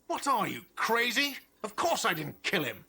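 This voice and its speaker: A man's voice: high-pitched, huge pitch swings, moderate pace, pushed and bright, exaggerated voice. An actor playing an irritable, whiny male diner manager who talks defensively. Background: game music.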